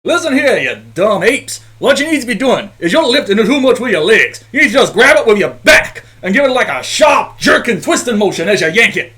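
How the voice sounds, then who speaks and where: A man's voice: sits high, big pitch swings, fairly quick, few pauses, bright, forceful tone, voice pushed up, exaggerated voice. A man voicing a brutish male cowboy lumberjack foreman with a Southern accent, bellowing insults and orders at his workers. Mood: bossy, yelling.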